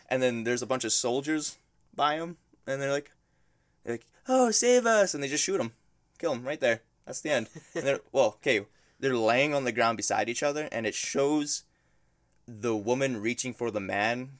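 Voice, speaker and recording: A man's voice: medium pitch, a bit bright, no room sound, clean studio sound. A man casually recapping a movie plot on a podcast, rambling, laughing often and acting out the characters' lines. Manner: rambling storytelling, laughs often, acts out quotes. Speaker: guest describing a movie.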